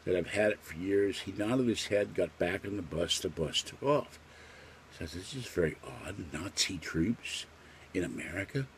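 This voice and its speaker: An older man with a husky voice, rambling through a casual, matter-of-fact retelling of a strange dream in his own vlog. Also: sits low, slight background noise. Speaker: vlogger recounting a dream. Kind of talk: casual storytelling monologue.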